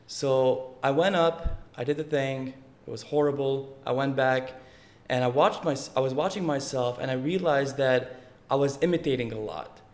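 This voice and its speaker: Brief: man, mid-pitch, animated storyteller, comedy writer, roomy echoey sound. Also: moderate pace, few pauses. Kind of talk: casual chat.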